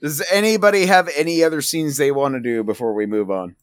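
A man's voice: on the high side, brisk, dry recording. Rambling male game master, dry sound. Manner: rambling, many fillers. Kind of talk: narrating a tabletop game.

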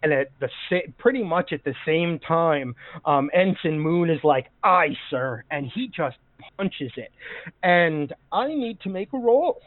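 A man's voice: fairly high pitch, expressive, a little slow, dry recording. A man narrating as game master of a tabletop game, rambling with many fillers and restarts. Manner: meandering, full of fillers and restarts. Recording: tinny call audio, dry.

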